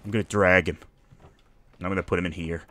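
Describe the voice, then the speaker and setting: Low-voiced man rambling over gameplay. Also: steady tone, fast, a bit bright. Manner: rambling, joking asides. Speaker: streamer. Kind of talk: casual gameplay commentary.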